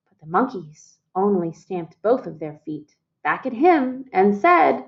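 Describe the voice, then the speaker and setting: A woman reading a storybook aloud to young children, lively and expressive. She speaks in a mid-pitched voice and pauses to ask her listeners questions. The recording is slightly dull and lo-fi. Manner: expressive, talks to listeners as "friends" and asks them questions. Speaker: storytime reader.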